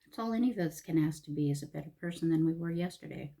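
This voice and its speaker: A middle-aged woman with a drawl talks in a low, mellow voice. She chats casually and reflectively for her vlog, softly and from the heart, sometimes dropping almost to a whisper. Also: quick pace. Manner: soft-spoken and heartfelt, often dropping to a near whisper. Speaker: vlogger.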